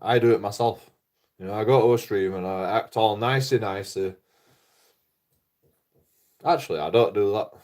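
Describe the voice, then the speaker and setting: A man's voice: lowish voice, normal speed, pauses often, darkish tone. A man rambling through a casual livestream chat, swearing a lot, repeating himself and laughing at his own jokes. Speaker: livestreaming vlogger.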